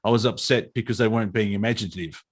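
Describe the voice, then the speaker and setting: Co-hosting a casual comedy chat, this Australian man, a comedian and audiobook narrator, rambles in a profane, self-mocking way. His voice is lowish and his pace is quick.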